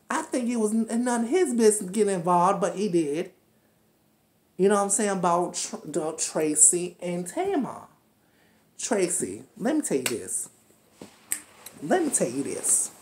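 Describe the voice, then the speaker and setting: A woman's voice: medium pitch, expressive, measured pace. A woman heatedly recapping a reality show, cursing and scolding the cast as if they could hear her. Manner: heated, profane, scolding, talks straight to the cast. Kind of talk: ranting recap commentary.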